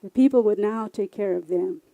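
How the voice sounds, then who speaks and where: A woman telling traditional and family stories live on stage, lively and expressive. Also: medium pitch, moderate pace, creaky, no echo, poor audio. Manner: lively, expressive, varies loud and soft. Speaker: storyteller. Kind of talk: live oral storytelling.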